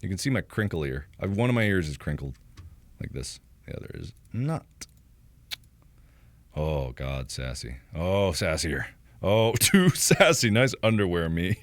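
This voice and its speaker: A man's voice: sits low, very animated, a little slow, no room sound. A man streaming casually, joking and mocking himself as he talks. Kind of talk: casual livestream commentary.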